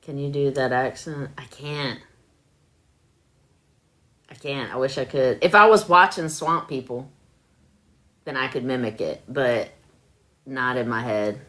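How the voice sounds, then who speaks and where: A woman's voice: very deep voice, measured pace, long pauses, fairly bright tone. A woman hosting a casual live stream from home into her phone, chatty, laughing often and filling her talk with ums. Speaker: livestream host.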